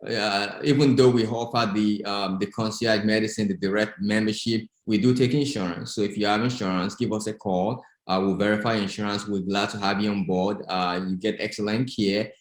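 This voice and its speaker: A man's voice: fairly low pitch, fairly even intonation, moderate pace, hardly any pauses, roomy sound. A young adult man with a Nigerian accent, a physician talking as a guest in a casual interview, hesitant with many fillers.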